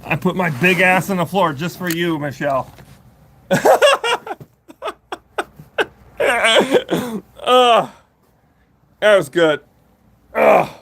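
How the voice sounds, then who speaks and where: A woman's voice: fairly low pitch, very animated, drawn-out words, pauses often, a bit bright. A woman hosting a casual livestream, coaching a viewer through a home repair and then explaining it plainly. She chats loosely, laughs often and swears casually. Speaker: livestream host answering home repair questions.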